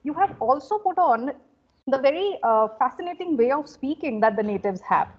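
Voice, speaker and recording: A woman's voice: sits high, animated, moderate pace, lo-fi sound. A woman from India hosting an interview as a communication coach, encouraging and full of affirmations. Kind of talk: conversational interview.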